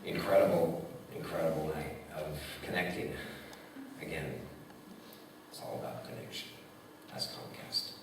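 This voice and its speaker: A man's voice: extremely low pitch, normal speed, pauses often. A man making casual, joking church announcements, recorded from a distance in a large sanctuary. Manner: relaxed, joking banter. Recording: echoey sanctuary from far off, noisy.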